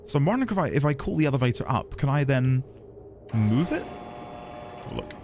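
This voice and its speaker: A man's voice: medium pitch, big pitch swings, quick pace, a little mellow, faint music behind. A man giving casual live-stream commentary, chatting with viewers while he plays and thinks aloud. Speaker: streamer playing a video game.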